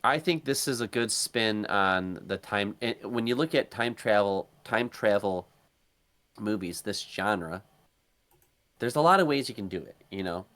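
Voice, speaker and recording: A man's voice: fairly low pitch, expressive, unhurried, a bit bright. A man co-hosting a podcast who chats casually about a film and swears freely. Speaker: podcast co-host. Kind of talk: casual movie discussion.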